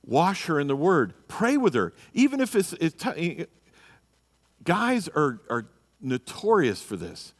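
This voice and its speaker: A man's voice: fairly high pitch, wildly swooping pitch, takes it slowly, big-room sound. A man teaching a church marriage class, blunt and exhorting, often checking in with "you know" and "okay?". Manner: acts out quoted people in a raised voice.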